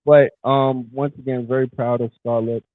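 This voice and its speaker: A man's voice: mid-range voice, flat delivery, normal speed, dry recording. A man co-hosting a casual podcast chat, talking in a hyped, emphatic way. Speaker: podcast co-host. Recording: tinny phone-like sound.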